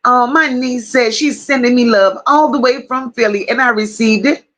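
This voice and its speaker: A woman hosting a casual livestream, slowly greeting viewers by name and reading their comments aloud. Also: on the high side. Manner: warm drawn-out greetings with endearments. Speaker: livestream host.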